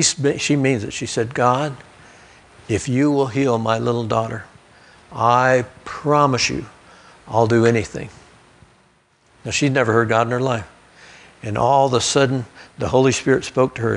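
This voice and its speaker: A male pastor, preaching a sermon through folksy personal stories and asides. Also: medium pitch. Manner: storytelling preacher, folksy asides, occasional restarts. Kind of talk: sermon storytelling. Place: church sanctuary.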